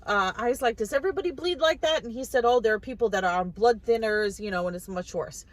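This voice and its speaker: A woman's voice: medium pitch, fairly even intonation, quick pace, no room sound, low-quality recording. A woman vlogger talking casually to the camera, telling a personal story in a chatty way, often repeating and restarting her words.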